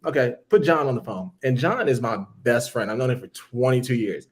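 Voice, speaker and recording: A man casually telling a long story on a podcast, acting out what people said with big jumps in his voice. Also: quick pace. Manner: animated, acts out quotes with big pitch jumps.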